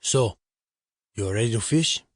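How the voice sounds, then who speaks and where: A man voicing a calm, unhurried middle-aged male rugby coach with an Argentinian accent, read in an audiobook. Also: lowish voice, husky, no echo, clean studio sound. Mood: calm welcoming.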